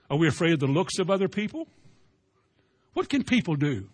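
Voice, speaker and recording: A man preaching a sermon, firing rhetorical questions and swinging from slow loud emphasis to quiet asides. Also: on the high side, sing-song, husky.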